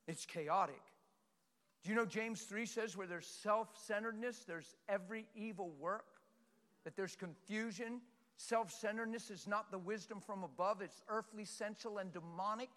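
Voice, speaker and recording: A middle-aged male pastor preaching with passion, swinging between shouts and quiet, earnest talk. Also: high-pitched. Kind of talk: sermon. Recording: long hall reverb.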